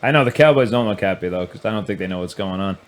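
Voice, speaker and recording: A man's voice: deep voice, quick pace. A man chatting bluntly as a podcast guest during a football game, laughing and swearing freely. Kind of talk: casual chat watching a game.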